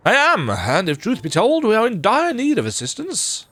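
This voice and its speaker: A man's voice: sits high, wildly swooping pitch, moderate pace, fairly bright tone, faint music behind, voice pushed up, full character voice. A man putting on a posh theatrical knight. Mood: formal, theatrical. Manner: pompous, old-fashioned formal speech.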